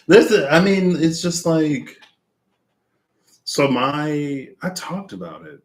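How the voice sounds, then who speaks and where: Out of breath, a man doing a tarot reading thinks aloud in a reflective, casual monologue, rambling and searching with lots of fillers. His voice is fairly high and gravelly, and he takes it slowly.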